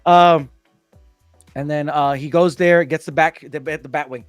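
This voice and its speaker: A man casually discussing a movie at home, excitedly retelling scenes and acting out the characters. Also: a little high, unhurried, dry recording, faint music behind. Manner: excitable, acts out scenes with voices and hums. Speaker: podcast host.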